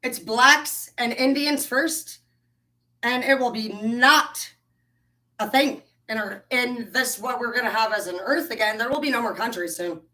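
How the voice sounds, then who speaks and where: Bright, profane woman ranting on a livestream. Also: on the high side, unhurried, rough recording. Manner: profane, heated, rambling. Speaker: livestream host. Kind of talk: casual livestream rant.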